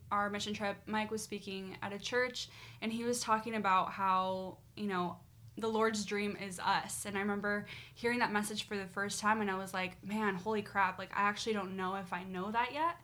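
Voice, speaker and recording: A woman's voice: medium pitch, fairly even intonation, normal speed, pushed and bright. A woman guest on a podcast, recounting her memories in casual chat and chiming in with short replies.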